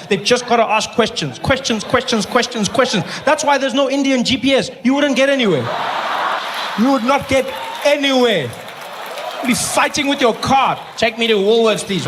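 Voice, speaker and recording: South african guy doing standup, kinda high voice, bit of hiss behind him. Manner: animated, acts out characters with shouted lines. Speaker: stand-up comedian. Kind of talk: stand-up comedy.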